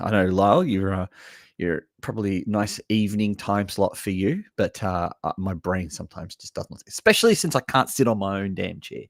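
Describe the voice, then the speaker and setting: A man's voice: lowish voice, dry recording, clean studio sound. A man from Australia, hosting a casual live stream and chatting to viewers about trailers. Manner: chatty, talks to chat viewers, lively asides. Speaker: livestream host reacting to trailers. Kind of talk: casual live reaction chat.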